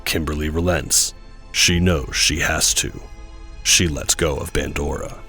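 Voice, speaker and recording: A man narrating an audio drama in a measured, descriptive way. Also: very deep voice, fairly even intonation, bright, forceful tone, faint music behind. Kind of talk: scripted narration.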